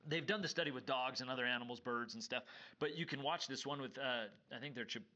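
Male co-host, seminary teacher type, bright and forceful, acts out the dialogue, dull lo-fi sound. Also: mid-range voice, quick pace. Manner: animated storyteller who acts out dialogue. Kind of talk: casual scripture discussion.

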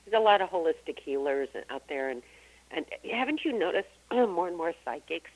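A woman's voice: fairly low pitch, expressive, normal speed, rough recording. A woman guest on a radio interview, talking earnestly about beliefs and acting out what people say. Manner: earnest, acts out quoted voices. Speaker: guest psychic and author.

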